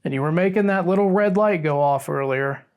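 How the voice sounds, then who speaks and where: Smooth-voiced man coaxing a spirit. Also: fairly high pitch, darkish tone. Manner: slow, coaxing requests. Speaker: paranormal investigator co-host. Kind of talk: calling out to spirits. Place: upstairs room of an old house at night.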